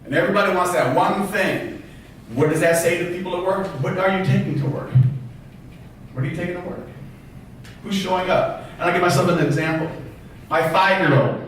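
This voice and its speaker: A man giving a motivational talk as a therapist, animated, firing rhetorical questions at the audience. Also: high voice, fairly quick, slight background noise. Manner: animated, acts out quoted voices, fires rhetorical questions. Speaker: therapist and public speaker. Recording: echoey hall, voice from far off.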